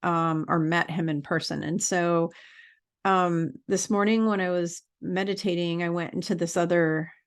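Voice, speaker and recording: Woman, spiritual vlogger, earnest, rambling, frequent fillers, lower pitch. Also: fairly even intonation, a little slow, clean tone. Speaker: spiritual teacher. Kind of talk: casual spiritual vlog monologue.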